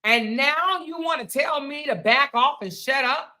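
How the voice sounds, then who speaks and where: Woman commentator, sarcastic, repetitive, bright voice, fairly high pitch. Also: animated, unhurried. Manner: sarcastic, repetitive, mocking, emphatic. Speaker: commentary channel host. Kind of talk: ranting commentary monologue.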